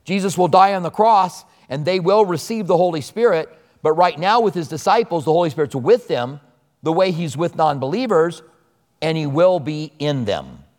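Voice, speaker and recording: A man preaching to his congregation with a slightly higher voice, talking easily and weaving in stories from his own week. His words ring out with a long reverb, as if filling a large hall. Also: lively intonation, normal speed, darkish tone. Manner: conversational preaching with personal stories. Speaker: pastor. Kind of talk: sermon. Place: church service before a congregation.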